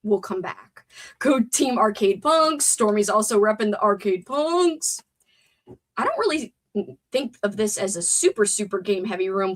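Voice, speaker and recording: A young adult woman with a stuffed-up nose, hosting a chatty, wordy livestream and reading out chat comments. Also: medium pitch. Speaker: livestream host.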